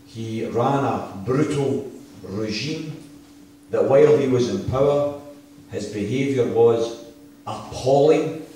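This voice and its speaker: A man's voice: mid-range voice, slow, mellow, recorded from a distance, a little hiss or hum. Impassioned Scottish man in an echoey hall. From Scotland. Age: middle-aged. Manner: impassioned, storytelling with jokes and asides. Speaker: political campaign speaker. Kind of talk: campaign rally speech. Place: town hall.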